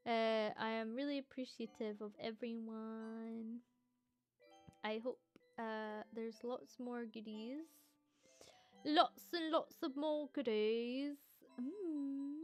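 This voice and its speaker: A Scottish woman streamer chatting casually and reading viewer comments, excitable and teasing, swearing freely. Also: on the high side, no room sound.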